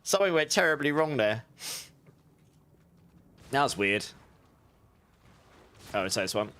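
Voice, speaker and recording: A man's voice: mid-range voice, very animated, measured pace, bright, forceful tone. A British man streaming and chatting casually with viewers, in a rambling, friendly way with frequent restarts. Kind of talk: casual livestream chat.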